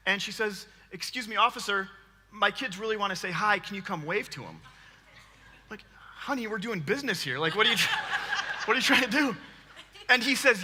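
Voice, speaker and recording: A man in his thirties giving a storytelling sermon as a guest preacher, animated and joking, laughing often. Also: sits high. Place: church hall. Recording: long hall reverb.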